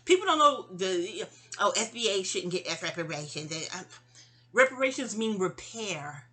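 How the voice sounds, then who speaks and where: Husky-voiced New York woman rambling. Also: mid-range voice, sing-song, moderate pace, pushed and bright. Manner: rambling, digressive, full of fillers and restarts. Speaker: vlogger telling a memoir story. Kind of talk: casual rambling storytelling monologue.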